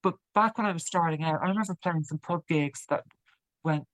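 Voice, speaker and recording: Low-voiced woman telling a story. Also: no echo, poor audio. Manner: halting, repeats words while telling a story. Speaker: guest musician. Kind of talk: casual interview chat.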